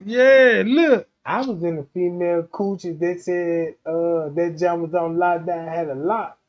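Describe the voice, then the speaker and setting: A man hosting a livestream, ranting crudely and loudly for laughs. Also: fairly high pitch, unhurried, highs cut off. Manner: loud, animated, profane, often laughing. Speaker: livestream host. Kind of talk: crude comedic rant.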